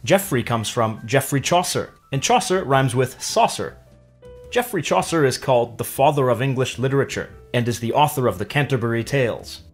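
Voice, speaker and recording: A man narrating a scripted language lesson, explaining clearly and stretching example words out slowly. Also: medium pitch, expressive, faint music behind. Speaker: language teacher.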